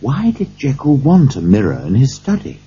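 A worried middle-aged Victorian lawyer, anxious and questioning, put on by a storyteller. The voice is very husky and dark, with pitch that climbs high when he is alarmed. The recording sounds dull and lo-fi. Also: huge pitch swings, moderate pace, exaggerated voice. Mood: puzzled.

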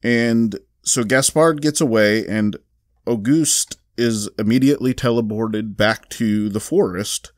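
Low-voiced Southern man recapping a comic. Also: measured pace, dry recording, studio quality. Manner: rambling recap with many fillers and restarts. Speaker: podcast co-host reviewing comics. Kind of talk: casual podcast chat.

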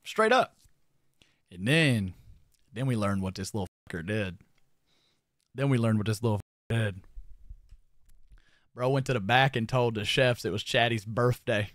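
A young man streamer telling a funny story to his chat in a casual, animated, profane way, often laughing. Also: on the low side, moderate pace, long pauses, dry recording, studio quality.

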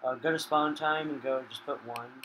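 A man giving casual gaming commentary while he plays, swearing a lot and flaring into loud rage. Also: medium pitch, fairly even intonation, normal speed, a little hiss or hum, rough recording. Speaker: gamer.

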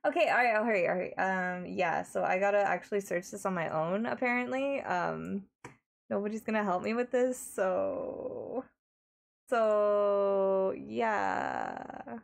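A woman's voice: mid-range voice, sing-song, a little slow, creaky. A woman with an Australian accent, live-streaming in casual chat, giggly and flustered as she talks to her chat.

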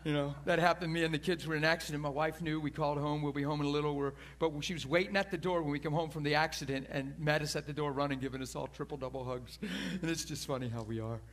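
A man preaching from the pulpit, telling a story in an animated way, laughing and rambling at himself. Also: fairly high pitch, fast talker, few pauses, a little hiss or hum. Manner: animated, laughing storyteller who acts out quoted voices; self-deprecating and rambling. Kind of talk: sermon storytelling. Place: church pulpit.

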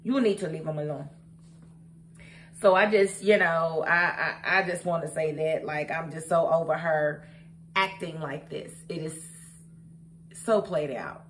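A woman's voice: low-pitched, measured pace, pauses often, a little hiss or hum. A young adult woman reviewing a TV episode in a casual, sassy way, often talking straight to the characters. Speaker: TV show reviewer. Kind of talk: casual recap and commentary.

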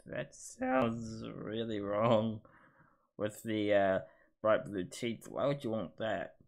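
A gaming YouTuber plays a quiz and commentates casually, thinking aloud in a chatty, hesitant way. His voice is lowish and creaky, and though he speaks slowly, he sounds very animated.

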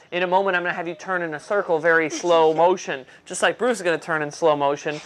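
A woman with a high, bright voice performs as a children's magician. She teases her young helpers and calls out commands to the audience. The live recording has steady background noise. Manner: playful, teasing. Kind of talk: interactive kids' show patter. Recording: noisy live show recording.

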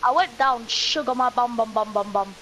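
A man's voice: very high-pitched, moderate pace, pushed and bright, a little hiss or hum, low-quality recording. A man, swearing and ranting in casual gaming chat. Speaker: gamer.

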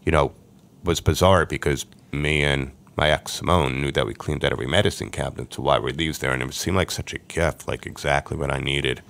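A man's voice: extremely low pitch, steady tone, a little fast, gravelly, a bit bright. A middle-aged man earnestly telling an emotional personal story as a podcast guest.

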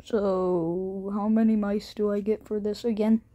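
Slow, mellow-voiced teasing woman. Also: mid-range voice, flat delivery, dry recording, muffled recording. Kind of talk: playful home video banter.

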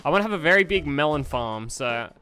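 Chatty young male streamer, lively pitch. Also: quick pace. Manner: chatty, joking, greets chat with upbeat bursts. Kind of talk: casual gameplay chat with viewers.

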